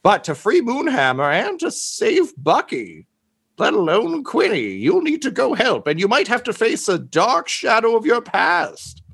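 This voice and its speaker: A man's voice: high-pitched, huge pitch swings, unhurried, gravelly, fairly bright tone, slightly rough, voice pushed up, heavily acted. A man voicing a weary male official in a robe who speaks with wry, crude asides. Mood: urgent.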